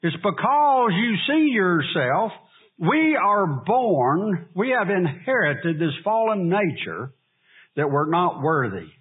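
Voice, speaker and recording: Preacher guy, high animated voice, husky, sounds like a tinny radio broadcast. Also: slow pace. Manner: preaching with call-and-response questions. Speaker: pastor. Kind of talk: sermon.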